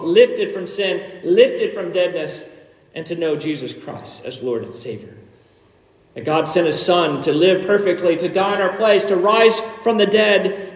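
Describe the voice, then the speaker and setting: A high-pitched man preaching a sermon in a church sanctuary. He delivers it animatedly, pushing to near shouts and slipping in quick jokes. The sound carries a long hall echo from some distance off the mic. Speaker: pastor.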